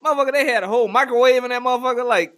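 A man, hosting a casual chat and telling profane, animated stories with mock voices. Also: extremely high pitch, rapid-fire.

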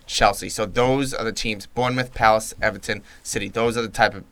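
A man's voice: on the low side, steady tone, brisk, fairly bright tone, no room sound. A man co-hosting a casual soccer podcast, rattling off team fixtures and laughing easily with friends. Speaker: podcast co-host.

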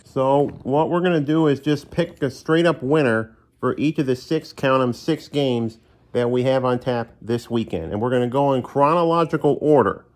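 A man's voice: mid-range voice, a little mellow. A man hosting his own podcast from his living room, chatting in a folksy, self-deprecating way. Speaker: podcast host. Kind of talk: casual solo podcast monologue.

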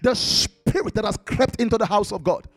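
A man's voice: sits high, normal speed, gravelly, no room sound. A man preaching a sermon, exhorting his congregation with repeated commands and breaking into worship singing. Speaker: pastor. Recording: dry close mic with worship music behind.

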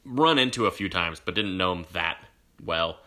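A young adult man hosting a casual podcast chat, telling an animated story and laughing as he goes. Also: low-pitched, normal speed. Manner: animated storyteller who acts out quoted voices. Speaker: podcast host.

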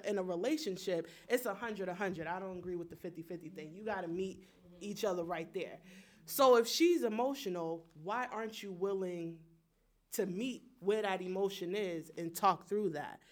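A man's voice: high-pitched, moderate pace. A young man speaking in a casual group discussion, emphatic and slangy, sharing his view animatedly.

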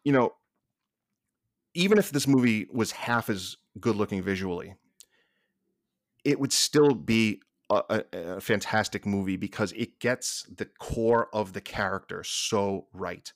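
A man with a Boston accent, a podcast guest talking with passion and many quick restarts. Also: fairly low pitch, no echo, studio quality. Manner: passionate, fast restarts and repeated words. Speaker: podcast guest, staff writer. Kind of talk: casual podcast chat.

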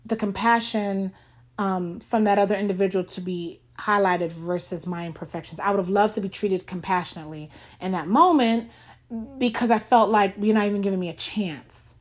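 A woman giving a casual devotional talk to her viewers, earnest and heartfelt, speaking emotionally and haltingly. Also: mid-range voice.

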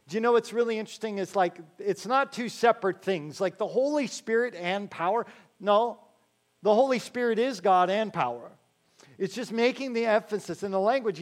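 A man preaching a sermon in a conversational way, slowing down to stress key phrases and adding joking asides to the congregation. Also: high-pitched. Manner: slows to stress key phrases, then rattles along quickly. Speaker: pastor.

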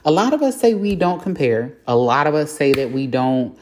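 A woman with a strikingly low, mellow voice hosts her own podcast. She talks candidly and casually in a chatty, self-deprecating way, swearing now and then. It comes across as an unscripted solo monologue. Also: very animated, moderate pace. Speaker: podcast host.

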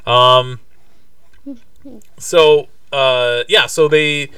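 A man's voice: medium pitch, fairly even intonation, drawn-out words, sharp tone, clear, resonant tone, no echo, clean studio sound, recorded from a distance. A man co-hosting a podcast, retelling a movie scene by scene in casual chat, with lots of fillers and restarts. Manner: rambling, many fillers and restarts. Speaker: podcast co-host.

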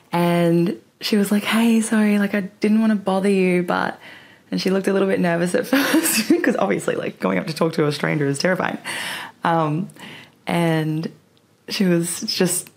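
A woman's voice: fairly low pitch, vocal fry, breathy edge. A young woman hosting a podcast from her bedroom floor, chatting casually with lots of fillers and giggles. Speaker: podcast host. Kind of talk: casual chat.

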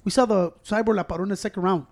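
High-voiced man, rambling bilingual banter. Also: steady tone, racing, darkish tone. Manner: rambling, profane, mixes Spanish into English. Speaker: podcast co-host. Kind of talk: casual chat.

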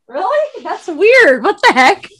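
A Canadian woman co-hosting a podcast, chatting casually with quick exclamations. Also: very high-pitched. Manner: exclamatory and expressive. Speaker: podcast co-host. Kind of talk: casual chat.

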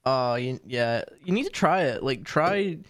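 A man's voice: medium pitch, expressive, measured pace, a bit bright, dry recording, studio quality. A young man co-hosting a podcast in casual chat, rambling with lots of fillers and restarts. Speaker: podcast co-host.

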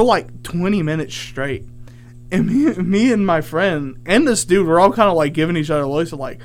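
A college radio host, a young man with a slightly high voice, tells a casual, rambling story at a brisk pace. He's animated and leans on lots of fillers.

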